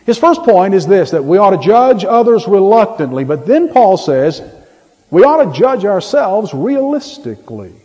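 Male pastor, sermon, animated storytelling, high mellow voice, long hall reverb. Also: normal speed, dull audio. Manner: animated storytelling preacher, rising loud on key points.

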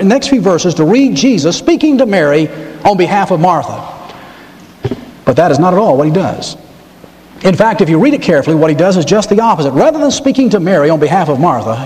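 A male pastor delivers a sermon, stressing points by repeating words and pressing hard on them. His voice sits high for a man. It rings through a sanctuary with a long, trailing reverb. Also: a little mellow.

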